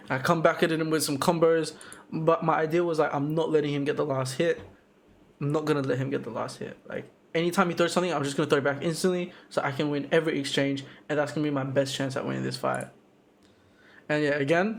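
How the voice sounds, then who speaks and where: A young man talks through his own fight footage in a loose, excited way, tossing in slang and punchy sound effects. His voice sits a little high for a man, and he often trips and restarts mid-sentence. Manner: excited, slangy, full of 'boom' and 'bro', many restarts. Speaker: amateur Muay Thai fighter narrating his fight footage. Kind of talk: casual fight breakdown commentary.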